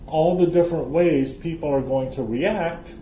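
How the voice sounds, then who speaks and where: A man from Canada lectures a live audience in a joking, conversational style, repeatedly restarting what he says. He talks at normal speed in a fairly high voice with a dark tone; the hall recording is roomy and dull, with a little hiss or hum.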